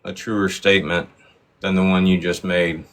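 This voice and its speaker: Lower-voiced guy on a livestream, dry teasing remarks. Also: level tone, normal speed, a bit bright. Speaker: livestream guest. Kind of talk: casual livestream chat.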